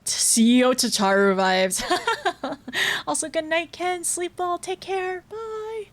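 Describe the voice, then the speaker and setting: A woman's voice: very high voice, expressive, takes it slowly. A young woman streaming a game, chatting casually with her viewers in a bubbly, giggly way. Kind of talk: casual live-stream gameplay chat.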